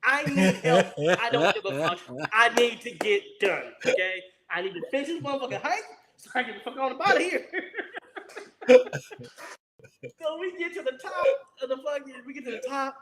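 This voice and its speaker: A man in his forties, a former Marine guest, telling a war story in casual, profane, animated fashion with frequent laughter. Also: very high voice, moderate pace, a loud crowd.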